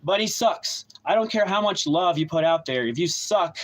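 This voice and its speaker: A man with a somewhat higher voice rants on his livestream, heated and bitter. He swears constantly and circles back over his points with stumbles and restarts. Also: animated, normal speed, rough recording. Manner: heated, profane, rambling with many restarts; bitter and aggrieved. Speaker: livestream host. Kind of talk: ranting livestream monologue.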